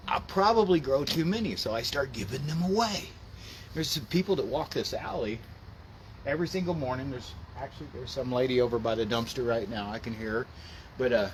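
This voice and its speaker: A man's voice: mid-range voice, a little hiss or hum. A man chatting casually on a livestream, rambling in an easygoing way. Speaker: musician and vlog host. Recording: loud guitar music underneath.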